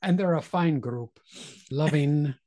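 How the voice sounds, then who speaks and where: A man's voice: on the high side, takes it slowly, warm tone. A middle-aged man co-hosting a podcast, chatting casually and joking about himself. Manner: chatty, joking, self-deprecating. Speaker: podcast co-host. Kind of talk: casual chat.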